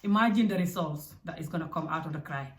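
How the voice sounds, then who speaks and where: A young adult woman from Africa giving parenting advice in a casual, direct, animated way. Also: low-pitched, quick pace. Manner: animated and direct, with acted asides. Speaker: parenting vlogger. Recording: echoey room.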